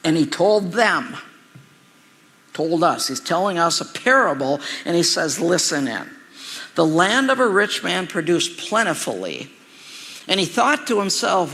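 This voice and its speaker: A man delivers a sermon in a chatty, wandering way, stopping for asides and repeating himself. His voice is slightly high, with a gravelly edge and a bright, forceful tone. The sound rings with the long reverb of a large hall. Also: sing-song, measured pace. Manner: conversational preaching with asides and repeated words. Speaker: pastor.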